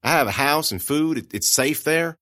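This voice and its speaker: A man's voice: a little high, expressive, moderate pace, bright, forceful tone, dry recording, clean studio sound, voice pushed up. A man voicing a plainspoken, stubborn but kind young farm woman who talks in a folksy, reassuring way. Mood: patient.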